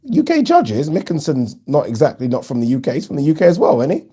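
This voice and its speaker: A man talks very fast in a mellow, husky mid-range voice while hosting a live boxing watch-along. He reads viewers' comments in a chatty, frank manner, swearing freely and using frequent ums.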